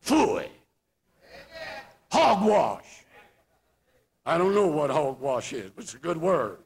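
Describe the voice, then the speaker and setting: An older man preaching a revival sermon in a folksy way, rising into shouts. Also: fairly high pitch, lively intonation, fairly quick, husky.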